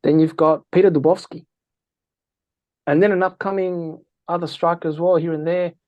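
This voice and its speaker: A man on an interview, a football analyst, telling lively anecdotes and acting out quoted lines. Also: fairly high pitch, normal speed, no room sound, lo-fi sound. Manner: energetic, tells anecdotes with quoted dialogue. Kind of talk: animated storytelling interview.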